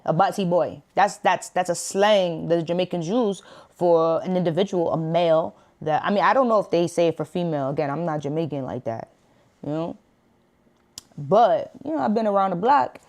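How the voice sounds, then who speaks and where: A woman streamer with a New York accent gives loose, slangy reaction commentary. Her voice sits on the low side for a woman. She keeps chuckling between points and pops up into sudden high-pitched asides. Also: darkish tone.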